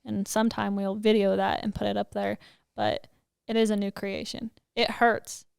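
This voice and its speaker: A woman in a casual faith conversation, gently affirming what was said. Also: medium pitch, little pitch movement, normal speed, vocal fry, clean tone, no room sound, studio quality. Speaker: ranch crew member.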